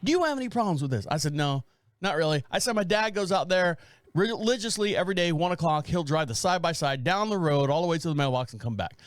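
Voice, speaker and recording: A man's voice: fairly high pitch, fast, no room sound, clean studio sound. A man in his forties co-hosting a casual chat, telling a story and quoting his neighbor in voices. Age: 40s. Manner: animated storyteller, quotes neighbor in put-on voices. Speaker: podcast co-host.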